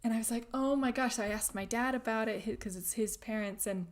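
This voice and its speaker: A young woman chats through a crafting livestream, reading comments aloud and answering them in an easygoing way. She laughs often and drops into soft, half-whispered asides. Her voice sits at a middle pitch. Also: fairly even intonation, fast talker. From grew up speaking German at home in the US. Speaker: crafting channel host.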